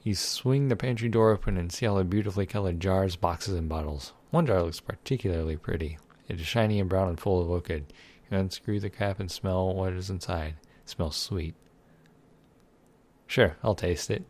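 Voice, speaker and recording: A man's voice: low voice, moderate pace, darkish tone. A man reading a text game aloud and adding sarcastic, irreverent commentary, swearing freely. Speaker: let's play gamer.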